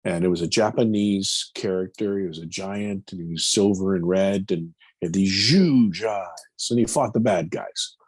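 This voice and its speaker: Husky low-voiced man telling a story. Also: dry recording. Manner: halting, repeats words, earnest. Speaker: film producer. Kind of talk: recounting a personal story in an interview.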